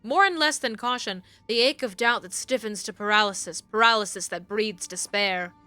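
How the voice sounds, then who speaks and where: A woman voicing a gloomy female spirit of melancholy, reading game dialogue in a slow, solemn, low recitation. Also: sharp tone, no echo, close to an everyday voice. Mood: somber.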